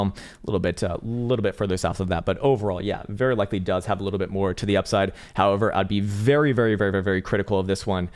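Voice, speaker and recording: Low-voiced, profane crypto stream host. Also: male voice, a little mellow. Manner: profane, chatty, laughs often, reads chat aloud. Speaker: crypto trading livestream host. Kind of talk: casual livestream commentary.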